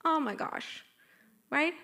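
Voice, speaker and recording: A middle-aged woman with a Persian accent giving a lively talk at her book launch, coaxing the audience and asking for agreement. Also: sits high, takes it slowly, gravelly. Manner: animated, coaxing, asks the room for agreement. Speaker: author and workshop speaker. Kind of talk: live book launch talk with group exercises. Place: event room with live audience.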